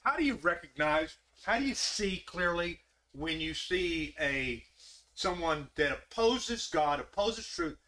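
Man preaching, slightly high bright voice, keeps quizzing the room and repeating himself. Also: lively intonation, measured pace. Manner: questioning the listeners directly, repeating phrases. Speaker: preacher leading a Bible study. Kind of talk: interactive sermon.

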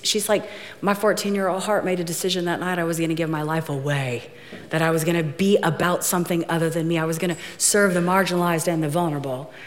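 A middle-aged woman preaching a sermon, telling a story and acting out the dialogue in lively fashion. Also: fairly low pitch. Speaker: guest preacher. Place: church auditorium. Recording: long hall reverb, faint music.

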